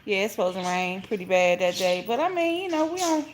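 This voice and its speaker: A middle-aged woman, chatting casually on a phone livestream from home and greeting each viewer with a high "hey". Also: sing-song, a little fast, hardly any pauses, a little hiss or hum. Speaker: vlogger hosting a phone livestream. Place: at home, indoors. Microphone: phone held at arm's length. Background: pet birds chirping.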